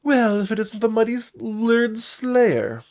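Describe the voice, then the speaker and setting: A man's voice: high-pitched, very animated, slow pace, a little mellow, voice pushed up, heavily acted. A man voicing an outgoing, playful fellish woman bard who speaks in a theatrical sing-song manner. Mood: flirty.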